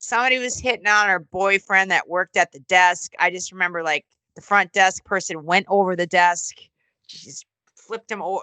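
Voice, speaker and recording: A middle-aged woman telling stories in a casual interview, animated and swearing, acting out quotes in other voices. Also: normal speed, clean tone, no echo, rough recording. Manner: animated, swearing, acts out quotes with big pitch jumps. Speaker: interview guest, former wrestling announcer and musician. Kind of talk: casual storytelling.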